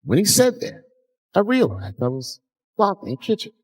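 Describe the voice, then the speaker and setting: Animated, profane male stand-up storyteller. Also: sits high, moderate pace. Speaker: stand-up comedian.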